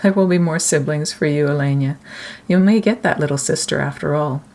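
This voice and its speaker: A woman voicing a kind, patient nurse who murmurs softly and reassures a child in a storybook reading. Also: sits low, fairly quick. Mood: soothing.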